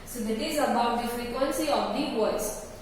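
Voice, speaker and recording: A woman's voice: a little high, normal speed. A woman teacher explaining a science textbook chapter, restating points over and over with frequent fillers. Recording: echoey room, distant mic, faint noise.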